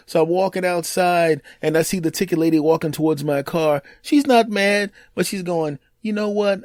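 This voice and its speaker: A man hosting his own podcast, telling stories in a casual monologue and acting out other people's lines in quick put-on voices. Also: high voice, darkish tone, dry recording, studio quality. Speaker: podcast host.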